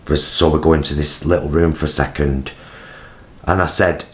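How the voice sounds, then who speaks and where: A man, telling a personal story in a vlog, halting with many fillers and acting out other people's voices. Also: steady tone. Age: 50s. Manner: acts out voices of people in his story with big jumps in pitch. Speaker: vlogger.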